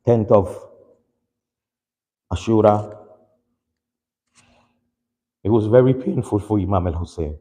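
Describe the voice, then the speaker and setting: A man delivering a mourning sermon, telling a story slowly and with rising emotion after a quick recited opening. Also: fairly low pitch, dark tone. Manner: slow, rising, impassioned storytelling; opens with rapid recited Arabic formula. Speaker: speaker at a mourning gathering. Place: mosque hall. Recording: long reverb in a hall.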